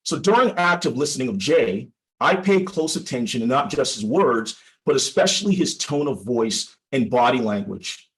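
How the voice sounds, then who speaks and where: A man delivers a prepared teaching talk to fellow legal professionals at a mid-range pitch. He speaks in a measured, deliberate way and leans on emphatic pauses. His tone is explanatory and instructive. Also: big pitch swings, a bit bright, rough recording. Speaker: personal injury lawyer. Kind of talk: prepared presentation for a legal audience.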